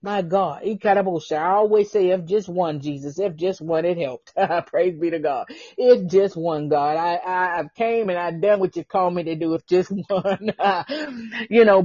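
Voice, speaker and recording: A woman pastor preaches a fervent podcast sermon in a lowish, mellow voice, with repeated exclamations and bursts of speaking in tongues. She laughs at herself and addresses listeners directly, on a muffled recording with no room sound.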